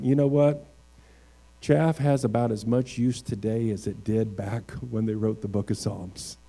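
A man's voice: medium pitch, mellow. A male pastor preaching a sermon, reading scripture and building to emphatic, raised points. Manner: reads scripture slowly, then builds to emphatic, raised crescendos.

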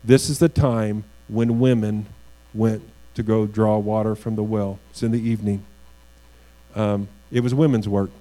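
A man preaching a sermon in a warm, mellow voice, earnest and a little halting, repeating words as he builds to key lines. A low mains hum runs under the recording. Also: level tone, low-quality recording. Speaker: pastor.

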